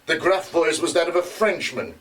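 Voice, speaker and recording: An actor playing a male investigator who reports witness testimony in a live stage drama, often pausing with hesitations. He is recorded from a distance. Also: fairly high pitch, animated, a bit bright. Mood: measured. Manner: halting, with frequent hesitations. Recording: distant mic.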